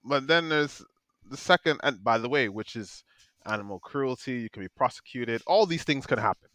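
An animated man co-hosting a football podcast. He talks in emphatic bursts and laughs often. The sound is dry and close to the mic. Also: medium pitch, normal speed, no room sound. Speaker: podcast co-host. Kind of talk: casual football chat.

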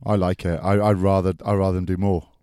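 An easygoing man with a low voice trades teasing remarks and tells anecdotes in a casual chat. The recording is close and dry, with no echo. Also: flat delivery, fast, dark tone, smooth. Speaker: former rugby player, podcast co-host.

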